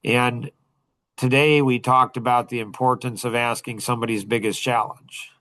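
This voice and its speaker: A man's voice: mid-range voice, steady tone, normal speed, fairly bright tone, no room sound, low-quality recording. A middle-aged man hosting a podcast, chatting casually to a small group and rambling with many fillers and restarts. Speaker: podcast host and coach.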